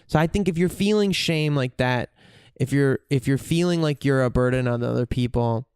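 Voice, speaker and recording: A man hosting a reflective solo podcast, thinking aloud in a frank, profane way and breaking off to restart his sentences. His voice is smooth and resonant at a middling pitch. The sound is close and dry. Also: normal speed, a little mellow, dry recording. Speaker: podcast host.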